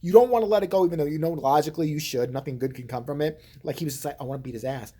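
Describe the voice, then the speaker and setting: A woman's voice: low-pitched, very fast, dark tone, husky. A woman vlogger giving blunt, heated, profane commentary and telling a story.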